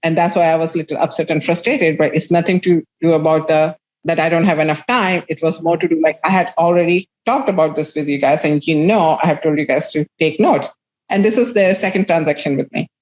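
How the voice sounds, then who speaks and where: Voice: mid-range voice, brisk, highs cut off. A real estate agent as a podcast guest, telling stories candidly and with animation. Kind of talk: conversational interview.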